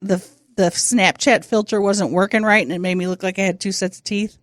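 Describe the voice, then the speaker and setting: A woman's voice: medium pitch, steady tone, brisk, no echo, clean studio sound. A woman co-hosting a comedy podcast, chatting in a giggly, playful way. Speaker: podcast co-host. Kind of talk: casual comedy chat.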